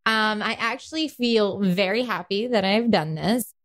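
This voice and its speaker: Woman, South Carolina accent, animated chatty podcast co-host, mid-pitch. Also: measured pace. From South Carolina, USA. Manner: chatty, laughing, animated storyteller. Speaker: podcast co-host, dental hygienist. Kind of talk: casual chat.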